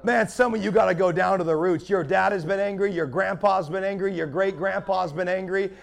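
Fiery high-voiced gravelly preacher man. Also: fairly even intonation, brisk. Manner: fiery, preaching with rising intensity. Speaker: pastor. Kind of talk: sermon.

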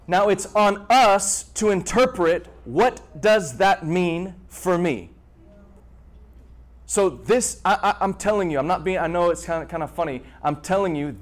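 A man preaching a sermon to a congregation in an animated way, repeating words and pausing for effect. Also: sits high. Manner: animated preaching with repetitions and dramatic pauses. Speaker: pastor.

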